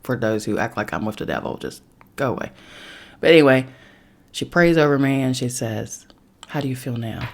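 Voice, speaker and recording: A woman recounts her own story in an intimate podcast monologue. Her voice carries a gravelly fry, and she often sinks into soft whispers when she quotes others. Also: extremely low pitch, expressive, moderate pace, pauses often. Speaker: podcast host. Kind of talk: personal storytelling.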